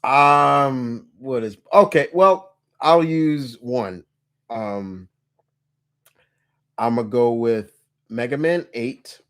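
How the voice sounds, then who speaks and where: A man's voice: mid-range voice, extremely slow, long pauses, a bit bright, clear, resonant tone. A man hosting a casual live question-and-answer chat, laid-back, laughing often and rambling with restarts. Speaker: host.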